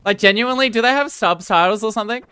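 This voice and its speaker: Smooth-voiced rambling Australian woman streamer. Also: a little high, fast talker, fairly bright tone, no echo. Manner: rambling, self-mocking, answers viewers' chat between game moments. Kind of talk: casual live-stream chat.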